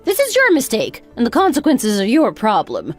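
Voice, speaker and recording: A woman's voice: fairly high pitch, huge pitch swings, normal speed, faint music behind. A woman doing a scornful older mother-in-law. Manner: sarcastic, cutting. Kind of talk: narrated text-story drama.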